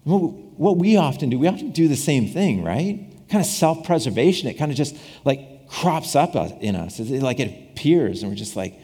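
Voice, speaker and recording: A male preacher gives a conversational sermon and keeps circling back over his own phrases. His husky voice swings widely in pitch as he plays out the voices in his story. The sound carries a long reverb, as in a large church hall. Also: very animated, normal speed, hardly any pauses, mellow. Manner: conversational, repeats and restarts phrases, acts out quoted voices with humor. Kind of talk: casual sermon.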